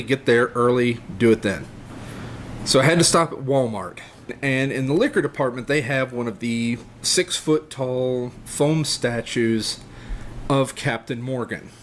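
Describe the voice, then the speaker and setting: A middle-aged man on a podcast, telling a comic personal story in a deadpan, rambling way full of hesitations. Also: medium pitch, slight background noise. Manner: rambling, deadpan, hesitant with many ums and uhs. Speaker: podcast co-host.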